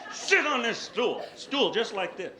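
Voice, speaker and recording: A man's voice: high voice, big pitch swings, a little slow, pushed and bright, full character voice. A male comedian playing a curt, officious airport security guard who barks orders. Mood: bossy. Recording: live stage with audience laughter.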